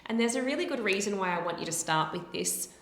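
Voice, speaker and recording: A woman speech-language pathologist explaining therapy techniques in an encouraging way and demonstrating speech sounds slowly. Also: mid-range voice, lively intonation. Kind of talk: instructional explanation. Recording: roomy echo.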